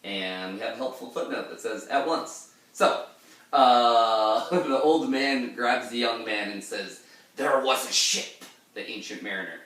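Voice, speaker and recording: Man, low-ish voice, casual teacher explaining poetry, rambly, echoey room, mic a bit far. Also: expressive, measured pace, fairly bright tone. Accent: pirate-style put-on accent in readings. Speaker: literature lecturer. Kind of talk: informal poetry lesson with pirate-voiced readings.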